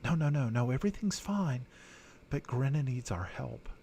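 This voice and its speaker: Man voicing a gentle, worried young companion woman, hesitant and kind, gravelly. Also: mid-range voice, expressive, moderate pace, slight background noise. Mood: concerned.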